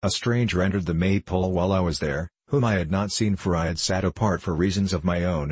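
A man with a very low, husky voice playing a polite, formal young gentleman in an audiobook. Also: no echo. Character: young gentleman, polite and earnest, recounting a robbery.

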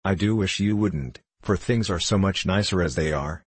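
A man reading the lines of a proud, aloof young woman in a storybook, in a cool, gently reproving manner. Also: sits low, normal speed, husky, no room sound.

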